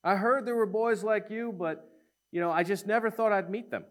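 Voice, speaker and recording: A man preaching a sermon, telling a story in an animated way and acting out the voices of the people in it. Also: sits high, moderate pace.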